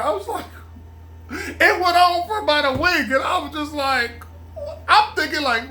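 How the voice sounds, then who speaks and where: A middle-aged man with a bright, forward voice tells a loose personal story in a casual vlog. He rambles and repeats lines, laughs through parts of it, and drops into a low murmur to imitate his mother. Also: animated, moderate pace. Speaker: vlogger.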